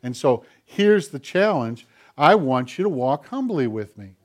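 A man preaching a sermon who acts out prayers and God's replies in quoted voices, swinging from loud urgent appeals to low hushed asides. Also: animated, normal speed. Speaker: pastor.

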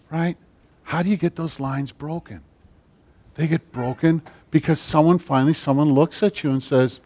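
A man, a pastor, preaching a sermon and leading a closing prayer, his emphatic delivery swinging from loud to hushed. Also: a little high, steady tone, moderate pace. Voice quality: big build, speaks plainly.

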